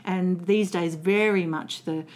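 An Australian woman who works as a voice coach, chatting casually in an interview, animated and quick to laugh. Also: on the low side. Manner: animated, laughs often, restarts sentences.

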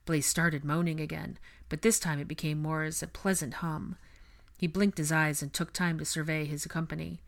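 A woman narrating a fan fiction audiobook in a steady storytelling manner. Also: sits low, normal speed, creaky. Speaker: audiobook reader.

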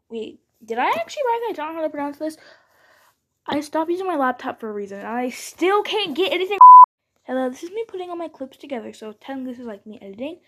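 High-voiced chatty young woman podcaster. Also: slight background noise. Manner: chatty, scattered, self-interrupting with frequent restarts. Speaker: podcast host. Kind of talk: casual solo podcast bloopers. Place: at home.

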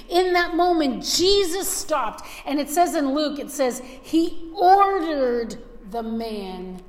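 Slow-preaching woman in an echoey hall. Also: sits high, lively intonation. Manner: earnest, acts out quoted voices, frequent restarts. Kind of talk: sermon. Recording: very echoey hall, faint room ambience.

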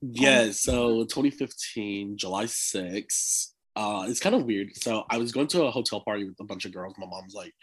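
Young guy, 20s, breathy husky tone, chatty guest, laughs a lot between stories. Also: fairly low pitch, normal speed, hardly any pauses, fairly bright tone. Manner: chatty, laughs often, many fillers. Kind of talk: casual storytelling.

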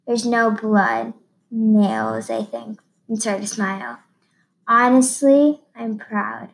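Slow, higher-voiced woman reading a story. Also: expressive, gravelly, low-quality recording. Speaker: reader. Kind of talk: first-person novel read aloud.

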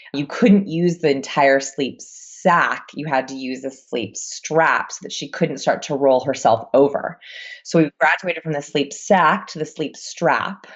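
A woman with a low voice talks casually as a podcast guest. She rambles, filling her sentences with small fillers. The recording sounds dull and lo-fi. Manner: chatty and rambling, with many fillers. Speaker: guest, new mother.

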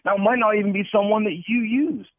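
A man from the Ohio Valley calls in to a radio talk show as a guest, talking fast in a fairly high voice. He is energetic, stumbles over repeated words and acts out quick dialogues. The sound is a dry, tinny phone line with a husky edge. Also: no room sound. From Ohio Valley, USA. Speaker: guest sales expert. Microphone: telephone.

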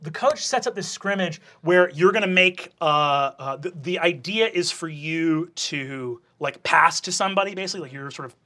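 A man's voice: on the high side, moderate pace, hardly any pauses, sharp tone. A man narrating loosely as game master of a tabletop game, rambling and swearing.

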